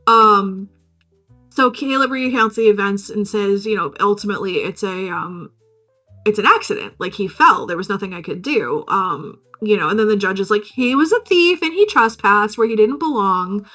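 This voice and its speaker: Bright-voiced animated woman podcaster. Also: mid-range voice, normal speed, faint music behind. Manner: animated, swearing, acts out characters in silly voices. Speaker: podcast co-host recapping a film. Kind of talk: casual chat.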